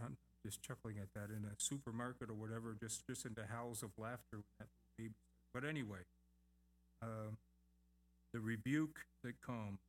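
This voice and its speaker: A middle-aged man preaching a sermon at an even, mid-range pitch. He drives points home by repeating phrases and breaks off for chatty asides. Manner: emphatic repetition, lively asides. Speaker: pastor.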